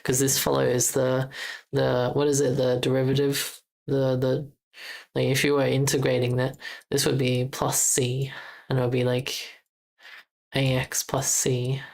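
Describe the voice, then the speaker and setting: A woman's voice: a bass voice, completely flat delivery, a little slow, vocal fry, a little mellow, low-quality recording. A young Australian woman with an Australian accent, chatting casually on a livestream while she codes, thinking aloud and correcting herself. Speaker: game jam streamer.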